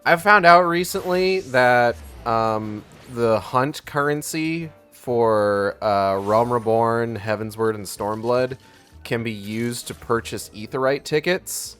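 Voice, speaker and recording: A man's voice: mid-range voice, slow, a bit bright, smooth, faint music behind. Rambling casual male game streamer. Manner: rambling, many fillers, swears. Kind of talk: casual let's-play commentary.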